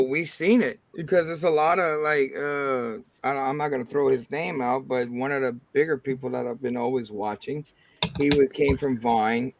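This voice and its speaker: A livestream host with a Cajun accent talks casually in a creaky, mid-range voice. He rambles, jokes around, and leans on crude humor.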